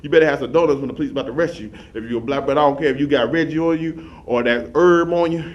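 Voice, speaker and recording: A man telling rambling comic stories in a rapid, run-on, repetitive way, animatedly acting out the scenes. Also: a little high, dull audio. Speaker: comic storyteller.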